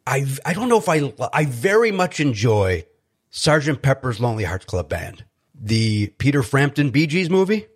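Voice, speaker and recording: A man from Chicago, a guest comedian, telling stories in casual chat, animated and self-deprecating with many restarts. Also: mid-range voice, moderate pace, slightly rough. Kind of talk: casual storytelling.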